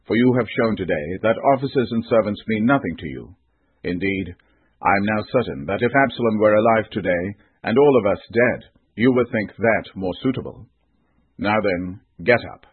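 A man's voice: fairly low pitch, normal speed, slightly rough, no echo, phone-quality sound. A man voicing a stern army commander rebuking his king, in a Bible reading.

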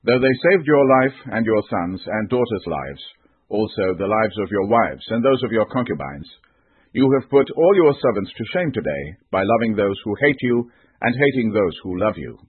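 A man's voice: fairly low pitch, sing-song, normal speed, husky, dry recording, phone-quality sound. A man voicing a stern army commander rebuking his king, in a Bible reading.

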